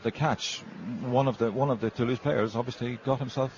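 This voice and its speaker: A man offering expert analysis beside the main caller, thoughtful and halting with repeated words. His voice sounds slightly dull and muffled. Faint crowd noise sits behind him. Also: medium pitch, fairly even intonation, a little mellow. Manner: measured, hesitant, repeats words. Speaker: co-commentator. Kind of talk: sports commentary analysis.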